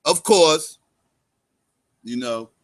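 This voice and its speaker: A man telling a story as a commentator, cursing heavily, calling his viewers family, and swinging between loud outbursts and low mutters. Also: animated, drawn-out words. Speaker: YouTube commentator.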